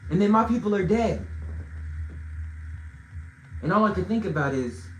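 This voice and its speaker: A man telling a long story in a casual way, swinging between loud bursts and low mutters. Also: animated, moderate pace. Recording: roomy echo.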